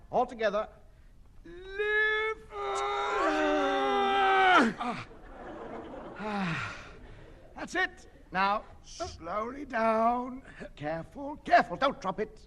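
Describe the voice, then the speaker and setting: A man's voice: extremely high pitch, gravelly, fairly bright tone, full character voice. An actor playing a pompous, fussy man who proudly grows vegetables, in 1950s radio comedy acting. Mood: straining, proud. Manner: self-important, indignant.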